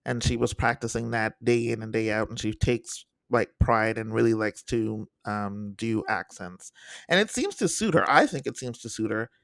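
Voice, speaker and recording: A man co-hosting a podcast in casual chat, animated and repeating himself as he talks in bursts. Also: fairly low pitch, normal speed, vocal fry, no room sound, studio quality. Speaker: podcast co-host.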